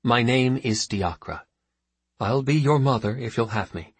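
A man puts on a middle-aged stepmother who is warm and gentle. The voice lifts above his own and stays soft and measured. It sounds husky and dry, as in a close storybook reading. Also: mid-range voice, no echo, voice pushed up.

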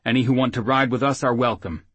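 A man voicing a forceful male half-orc rider. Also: medium pitch, quick pace, slightly rough, no room sound, pitched above the performer's own voice. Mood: hearty.

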